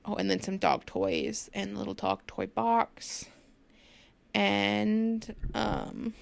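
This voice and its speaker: A gaming channel host, a young woman with a medium-pitched, gravelly voice, chats casually over a game build. She rambles with plenty of fillers and sounds sleepy, even yawning.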